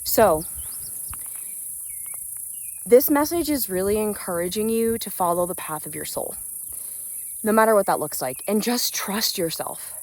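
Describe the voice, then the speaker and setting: A woman's voice: medium pitch, expressive, a little slow, pauses often. A woman giving an earnest, rambling motivational talk while hiking outdoors, slightly out of breath, recorded on a phone without a mic. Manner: earnest, uplifting, loose and rambling with fillers. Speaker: spiritual business coach. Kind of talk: unscripted motivational vlog on a walk. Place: outdoors on a hiking trail in nature. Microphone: phone without an external mic. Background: crickets and insects.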